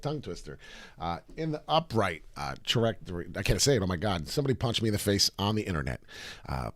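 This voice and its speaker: A low-voiced man talks through trading charts in a loose, swearing, catchphrase-heavy way. His pitch swings up and down a lot. The sound is dry and close, with no room in it. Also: no room sound. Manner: animated, profane, hype catchphrases. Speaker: crypto trading channel host. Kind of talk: casual chart walkthrough.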